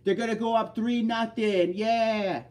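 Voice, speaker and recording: A man voicing a boisterous male sports fan with a Boston accent, loud and brash. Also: sits high, fairly even intonation, unhurried, recorded from a distance, voice pushed up. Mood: rowdy.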